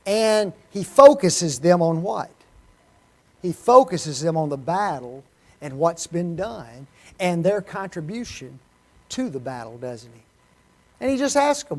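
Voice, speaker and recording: High-voiced preacher, animated and questioning. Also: male voice, unhurried. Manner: animated, asks the congregation rhetorical questions. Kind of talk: sermon. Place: church.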